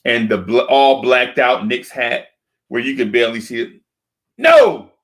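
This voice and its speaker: Speaking into a desk microphone on a live-streamed sports fan talk show, this man rants in an animated, repetitive way. His voice is mid-range at a normal speed, and he keeps yelling the same rhetorical questions.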